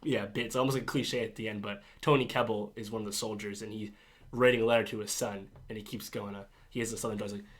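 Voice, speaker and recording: A man with a lowish voice and a bright, forceful tone chats casually as a podcast co-host. He talks with enthusiasm, laughs often, and restarts his sentences. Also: steady tone, fast. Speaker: podcast co-host reviewing a film. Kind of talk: casual chat.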